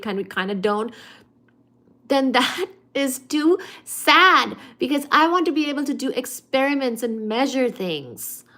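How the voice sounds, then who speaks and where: A woman hosting a casual study-with-me livestream, chatty and expressive as she reads and answers viewer comments. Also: a little high. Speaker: livestream host.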